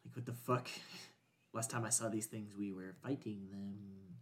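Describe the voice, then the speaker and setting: A man playing a tabletop game who chats and jokes excitably. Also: lowish voice, normal speed. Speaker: player. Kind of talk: casual chat at a game table.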